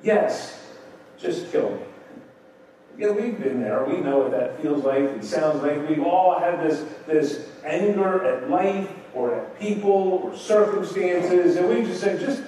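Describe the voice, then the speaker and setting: A man's voice: a little high, a little slow, few pauses, mellow, a little hiss or hum. A man preaching a Bible-teaching sermon and putting questions to his congregation. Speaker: pastor. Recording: roomy echo, distant mic.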